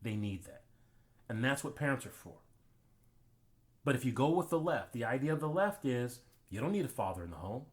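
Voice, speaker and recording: A man's voice: mid-range voice, sing-song, brisk, pauses often, darkish tone. A man hosting his own channel, giving an emphatic, preachy commentary monologue and telling personal anecdotes. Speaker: channel host.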